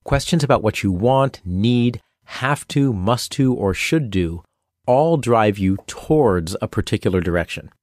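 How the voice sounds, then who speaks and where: Middle-aged guy reading self-help, lowish voice, dry jokey asides, dead dry room. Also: lively intonation, a little slow, a little mellow, no room sound. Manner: wry, dry humor with playful asides. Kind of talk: scripted self-help narration.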